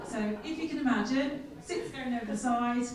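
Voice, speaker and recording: A woman's voice: on the high side, moderate pace, crowd noise. Woman telling funny stories in an echoey hall. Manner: lively, self-mocking storyteller with comic asides. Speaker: keynote speaker. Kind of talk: humorous keynote storytelling. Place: large conference hall. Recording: echoey hall, speaker far from mic.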